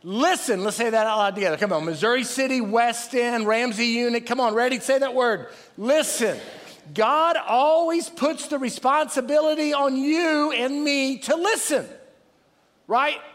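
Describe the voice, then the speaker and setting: A middle-aged man preaching a sermon as pastor, energetic, calling on the congregation to answer back and restarting phrases as he goes. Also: extremely high pitch, normal speed. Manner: energetic, calls for crowd responses, restarts phrases. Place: large church hall. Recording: long reverb from a large church hall.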